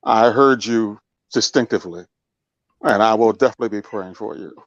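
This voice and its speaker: Male caller, mid pitch, earnest and reassuring, muffled dry line. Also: normal speed, dry recording. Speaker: radio guest. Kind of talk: brief on-air farewell. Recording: dull, dry phone-in sound.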